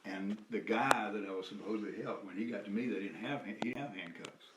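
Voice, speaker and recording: Recalling his activism in an interview, an older man with a Southern US accent talks fairly quickly in a lowish voice. His personal story rambles, full of chuckles and profanity, often trailing off and restarting, recorded on a distant mic in a roomy setting with faint noise.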